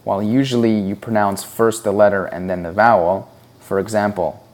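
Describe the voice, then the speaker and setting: A man's voice: on the low side, fairly even intonation, normal speed, darkish tone. A man teaching a Hebrew reading lesson, explaining patiently and sounding out syllables one at a time. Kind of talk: slow, deliberate instructional explanation.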